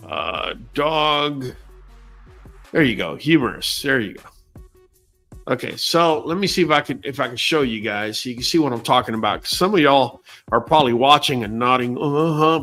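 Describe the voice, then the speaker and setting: A man's voice: medium pitch, pushed and bright. Blunt, slangy man hosting a livestream. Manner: blunt, slangy, addresses viewers directly. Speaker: dog breeder and livestream host. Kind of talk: casual livestream talk.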